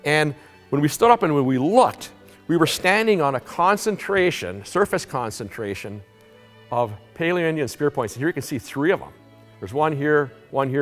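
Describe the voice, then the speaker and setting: A man giving a conference talk, telling a story in an animated way, halting often with restarts and repeated words. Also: medium pitch. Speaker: conference presenter. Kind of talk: storytelling lecture. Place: conference hall. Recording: long hall reverb, faint music.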